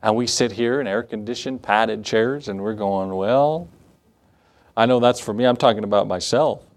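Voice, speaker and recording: A man's voice: on the low side, normal speed. A man, a pastor, giving a conversational sermon with laughs and acted asides. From United States.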